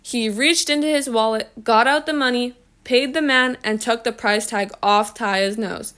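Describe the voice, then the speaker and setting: A woman reading a children's story aloud in a slow, expressive storytelling manner. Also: on the high side, smooth. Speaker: reader.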